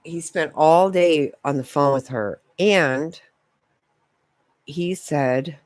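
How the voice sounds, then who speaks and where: A woman's voice: sits low, slow, a little mellow, no echo. A woman rants and rambles to camera in a casual vlog style. She swears freely and laughs often. Her voice is recorded close and dry, with no room sound. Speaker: vlogger. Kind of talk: casual ranting monologue.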